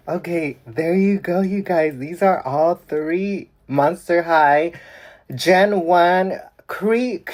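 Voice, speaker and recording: A young woman in a casual vlog, excitedly gushing over dolls and swearing freely. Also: sits low. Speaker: doll collector vlogger. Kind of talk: casual unboxing chat.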